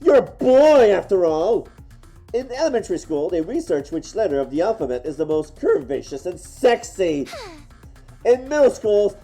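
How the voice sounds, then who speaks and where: A man's voice: high-pitched, dark tone, voice pushed up. A man voicing a scornful, teasing young woman with mocking, theatrical disdain, while reading game dialogue aloud.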